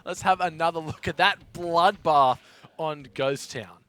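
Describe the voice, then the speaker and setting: A man casting a live esports tank match with energetic, playful play-by-play. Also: on the high side, measured pace, smooth. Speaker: esports caster.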